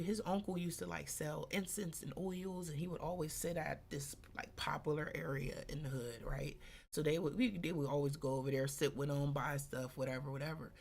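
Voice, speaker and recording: A woman in her forties with a low, gravelly voice hosts a live session and tells her own story. She talks casually and bluntly, full of slang and the odd curse word. She speaks straight to her listeners. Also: a little hiss or hum. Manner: colloquial and blunt, heavy slang and swearing; animated, addresses listeners directly. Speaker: host. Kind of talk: candid personal storytelling on a live stream.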